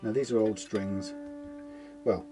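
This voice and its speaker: A guitar technician, a man with a slow, lowish voice and fairly even intonation, rambles casually through a guitar setup in his workshop, muttering to himself as he works. A guitar is being plucked in the background.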